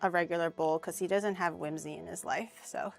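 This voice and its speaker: A woman's voice: fairly low pitch, fairly even intonation, a little fast, vocal fry, soft background music. A woman streamer chatting casually while tasting food she cooked, bubbly and talkative. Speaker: streamer host. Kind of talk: casual chat while eating.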